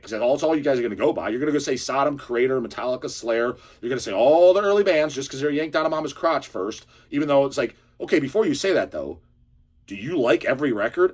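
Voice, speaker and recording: A man's voice: medium pitch, quick pace. A man hosting his own channel, giving a profane, heated casual rant. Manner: profane, heated, animated ranting. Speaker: channel host. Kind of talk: ranting casual monologue. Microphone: handheld camera or phone.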